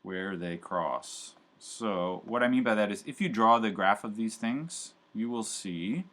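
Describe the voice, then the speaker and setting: A man's voice: fairly low pitch, lively intonation, measured pace, fairly bright tone. A man teaching a live university calculus class, talking casually with lots of fillers and joking asides. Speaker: university math professor.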